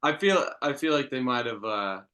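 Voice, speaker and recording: A man's voice: medium pitch, animated, moderate pace, bright, forceful tone. A man co-hosting a podcast, chatting casually in a rambling way full of fillers and chuckles. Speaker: podcast co-host. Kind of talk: casual review chat.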